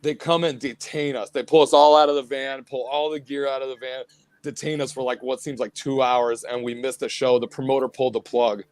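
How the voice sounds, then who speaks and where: Guy from a band telling stories on a podcast, middle pitch, dry mic, lively storyteller. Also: brisk, no room sound. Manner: animated storyteller, acts out what others said. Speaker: guest musician, band vocalist and bassist. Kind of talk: casual interview chat.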